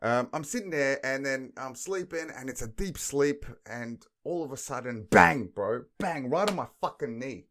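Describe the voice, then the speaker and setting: A man's voice: medium pitch, normal speed, hardly any pauses. A young man co-hosting a podcast, telling crude stories full of swearing and acted-out quotes. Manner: swears constantly, animated storytelling with acted-out quotes. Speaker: podcast co-host. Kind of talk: casual crude banter.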